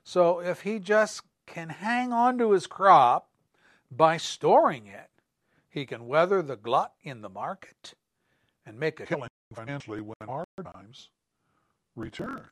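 A man preaching a sermon as pastor, slow and deliberate, rising on emphatic words. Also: on the high side, animated, fairly bright tone, no echo, studio quality.

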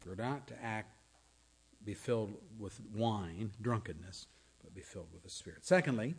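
A man's voice: on the low side, animated, moderate pace, darkish tone. A male pastor preaching a sermon, earnest and questioning, sometimes dropping to a near-whisper for emphasis.

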